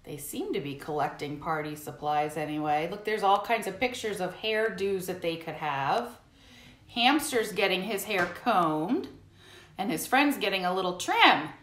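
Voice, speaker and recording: A woman hosting a children's music show, reading a picture book aloud and talking to the kids in an animated, sing-song way. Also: lowish voice, normal speed. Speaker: children's music teacher and host. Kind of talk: storytime read-aloud for kids. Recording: echoey room, faint hiss.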